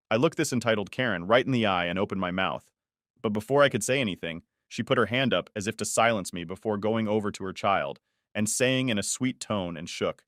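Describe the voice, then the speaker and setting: A man narrating a first-person story from an online forum in a steady, even storytelling delivery. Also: on the low side, brisk, no room sound, studio quality. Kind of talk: reading a reddit story aloud.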